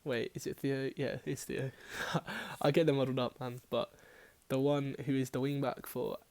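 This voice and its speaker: A man with a medium-pitched, gravelly, somewhat dark voice speaks at a moderate pace with little rise or fall. He chats casually about his fantasy football team selections, rambling, correcting himself along the way, and swearing offhandedly.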